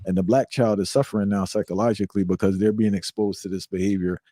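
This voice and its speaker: A man's voice: on the low side, steady tone, fast talker, mellow, no room sound. A man calling in to a discussion, speaking earnestly with some hesitation. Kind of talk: call-in discussion.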